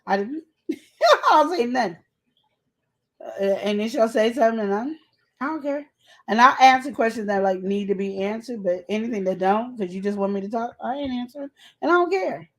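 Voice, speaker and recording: A woman's voice: a little high, a little fast. A middle-aged woman co-hosting a podcast, talking casually and animatedly, telling stories from home in a colloquial way. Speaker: podcast co-host. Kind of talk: casual advice chat.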